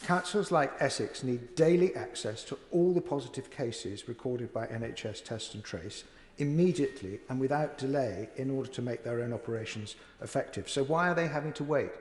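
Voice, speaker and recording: A man's voice: mid-range voice, moderate pace, a little mellow. Male MP questioning in an echoing chamber. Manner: formal, pressing questions. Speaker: member of parliament. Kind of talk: parliamentary question. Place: large debating chamber, indoors. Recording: echoey chamber with long reverb.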